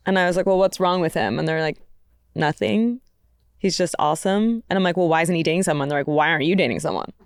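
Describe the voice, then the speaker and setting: A woman's voice: fairly low pitch, quick pace, no echo, studio quality. A woman on a podcast, telling a personal story in a candid, self-mocking way and laughing often. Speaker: podcast guest. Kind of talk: casual storytelling chat. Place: podcast studio.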